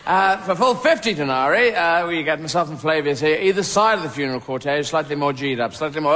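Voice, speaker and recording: English male stand-up, high bright voice, rambling and playful, captured in an echoey hall over audience noise. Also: fairly quick. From Britain. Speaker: stand-up comedian. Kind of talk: stand-up comedy set. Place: large theater on stage. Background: audience laughter.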